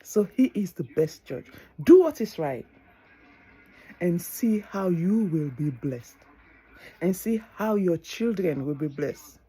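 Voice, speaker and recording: Woman, middle-aged, tearful, earnest, preachy, husky, mellow tone. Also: on the low side, lively intonation, slow, faint music behind, low-quality recording. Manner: earnest, preachy, repeats phrases for emphasis. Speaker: vlogger. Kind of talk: heartfelt advice monologue.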